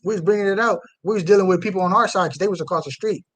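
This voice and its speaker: A young man with a notably high-pitched voice preaches and reacts live to a clip. He swings between low, muttered asides and heated, loud outbursts, full of fiery conviction. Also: very fast. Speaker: street preacher reacting to a video.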